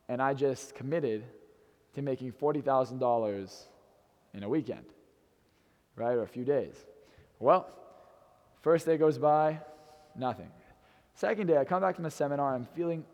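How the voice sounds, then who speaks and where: A man's voice: medium pitch, a little mellow, long reverb tail. A young man in his twenties telling a brash, swearing personal story to an audience in a hotel event room. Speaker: motivational speaker.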